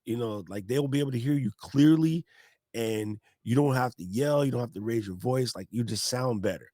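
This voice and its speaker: A man, a guest tech expert in a casual video-call interview, explaining with folksy animated talk and laughs. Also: medium pitch, moderate pace, no echo, clean studio sound. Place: home office.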